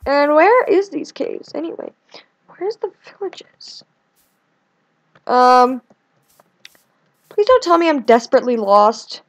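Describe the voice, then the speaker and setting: Chatty high-voiced young woman gamer. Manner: chatty and rambling, quick swings between whiny and excited. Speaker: gaming video creator. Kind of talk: casual let's-play commentary.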